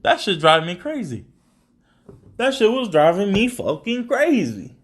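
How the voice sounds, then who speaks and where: Young dude on a podcast rambling, swearing a lot, pitch jumping all over, a bit high. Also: male voice, wildly swooping pitch, a little slow, slightly rough. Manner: profane, slangy, rambling. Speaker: podcast host. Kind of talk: casual chat.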